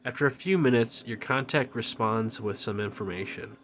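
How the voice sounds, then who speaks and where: A man hosting a gameplay video, reading a game story aloud in a quiet, low-key way with joking asides. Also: normal speed, slight background noise. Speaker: gameplay channel host.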